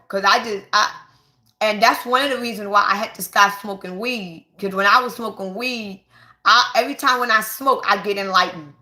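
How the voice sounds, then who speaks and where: A woman, giving an excited, emphatic spiritual monologue to her viewers and repeating herself for stress. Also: medium pitch, a little fast. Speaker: spiritual vlogger. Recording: echoey room.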